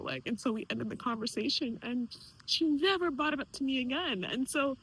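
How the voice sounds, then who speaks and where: Young female vlogger, emotional confessional, pitched a bit high, breathy edge. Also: animated, brisk, fairly bright tone, low-quality recording. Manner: emotional, tearful, sighing; casual, many fillers, acts out quoted people. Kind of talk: candid emotional venting to camera.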